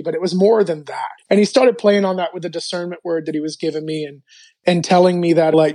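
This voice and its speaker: A man telling his faith story as an interview guest, animated and full of filler words. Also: high-pitched, brisk, dry recording. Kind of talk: personal faith testimony.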